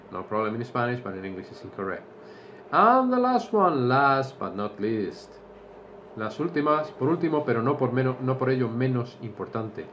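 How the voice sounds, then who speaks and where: A man teaching English to Spanish speakers, explaining slowly and repeating each point in Spanish. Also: mid-range voice, animated, a little hiss or hum. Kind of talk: bilingual language lesson.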